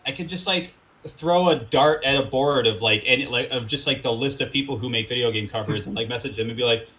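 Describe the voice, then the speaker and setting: A man talking as a guest in a casual interview, rambling with lots of fillers and animated quotes. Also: mid-range voice, fairly quick, poor audio. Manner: rambling, filler-heavy, animated when quoting people. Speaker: guest musician.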